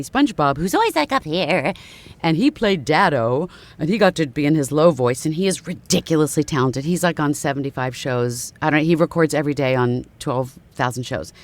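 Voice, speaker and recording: A woman voice actress chatting casually as a podcast guest. She talks in a lively, storytelling way and keeps jumping into little character voices to act out her stories. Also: low-pitched. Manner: animated storyteller who slips into character voices. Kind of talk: casual interview chat.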